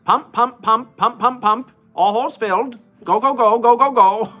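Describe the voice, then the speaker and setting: A man voicing a brisk, fussy male usher who barks clipped commands to hurry people along. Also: very high voice, bright, forceful tone, soft background music, pitched above the performer's own voice, heavily acted. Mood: hurried. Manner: clipped, rapid-fire commands.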